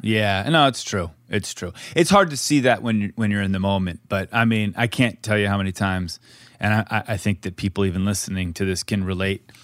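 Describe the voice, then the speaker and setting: Low-voiced candid middle-aged man. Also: fairly quick, a bit bright, no room sound, clean studio sound. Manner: candid, rambling, with frequent restarts and laughs. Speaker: podcast co-host, actor. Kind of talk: casual podcast chat.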